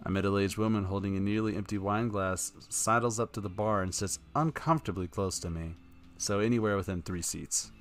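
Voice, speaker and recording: A man's voice: lowish voice, fairly quick, faint music behind. A man streaming live, reading a text adventure aloud in a casual tone with wry asides.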